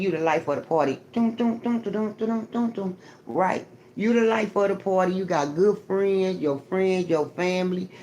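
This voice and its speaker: A woman's voice: mid-range voice, a little hiss or hum. A woman on a live stream giving an emphatic, profane, preaching testimony and greeting her chat viewers by name. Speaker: livestreamer.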